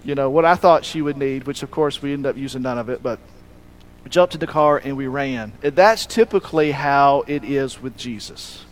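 A man preaching a sermon, telling a story with animated delivery, acting out quoted lines and swinging between loud emphasis and hushed moments. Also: mid-range voice, normal speed, poor audio. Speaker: pastor.

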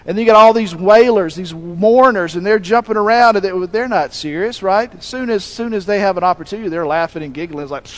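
High-voiced man preaching a conversational sermon. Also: a little fast, hardly any pauses, poor audio. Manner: conversational, asks rhetorical questions; restarts and self-corrects mid-sentence.

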